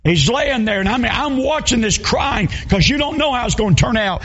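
High-voiced Southern preacher man. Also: animated, a little fast, breathy edge, muffled recording. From North Carolina. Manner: emotional, rising to shouts in retold scenes. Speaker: revival preacher. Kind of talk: sermon storytelling.

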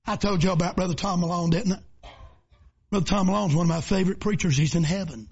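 An older man preaches a revival sermon in shouted bursts, stopping often to ask the crowd whether they are listening. His voice sits high and husky. The recording is dull and lo-fi. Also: fast talker. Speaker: pastor.

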